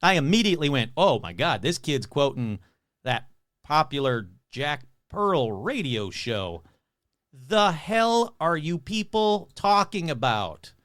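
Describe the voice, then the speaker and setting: A man's voice: a little high, very animated, slow pace, fairly bright tone, no room sound, clean studio sound. A man hosting a podcast who talks in a sarcastic, rambling, self-mocking way. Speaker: podcast host. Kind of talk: casual comedic chat.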